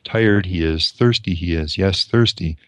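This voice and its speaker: A sly, bitter creature, as a male reader puts him on, hissing and repeating himself in a wheedling way. The voice stays low and deep, dry and close to the mic, in a plain book reading. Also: unhurried, dry recording.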